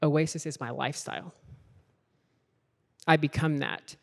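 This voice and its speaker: A man's voice: a little high, a little slow, creaky. Earnest man preaching in a reverberant hall. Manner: earnest, repetitive, building to invitations. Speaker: conference speaker. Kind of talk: sermon. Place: large hall with a worship team. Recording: long hall reverb, faint music behind.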